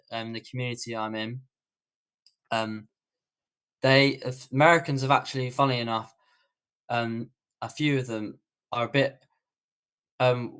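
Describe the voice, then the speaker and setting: A man's voice: mid-range voice, a bit bright. A man with a British accent answering viewer questions on a livestream tutorial, in a casual, rambling way with many fillers and restarts. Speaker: online coach.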